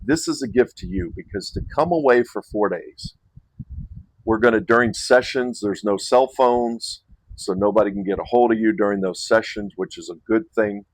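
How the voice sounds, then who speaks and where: A man's voice: lowish voice, normal speed, rough recording. A man hosting a men's retreat, giving a casual invitation to the camera with frequent restarts and self-corrections.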